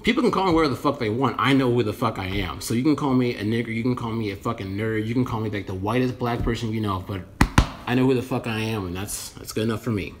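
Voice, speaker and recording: An American vlogger rants to the camera in a medium-pitched voice, talking quickly with background noise behind him. His casual opinion piece is blunt and rambling, and he swears constantly.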